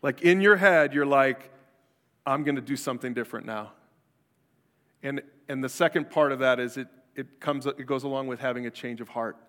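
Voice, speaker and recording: A man's voice: mid-range voice, normal speed, a bit bright. A man preaching a sermon as pastor, in a conversational style that acts out the people he quotes. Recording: long hall reverb.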